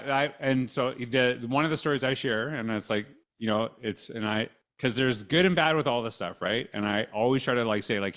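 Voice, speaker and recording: A man's voice: medium pitch, a bit bright. Casual rambling male podcast host. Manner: rambling with many restarts, dry sarcastic asides. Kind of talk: casual conversational interview.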